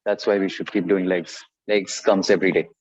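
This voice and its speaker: A man leading a live fitness class, giving clear instructions and counting repetitions aloud in an encouraging, direct way. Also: deep voice, level tone, fairly quick, a little mellow, lo-fi sound.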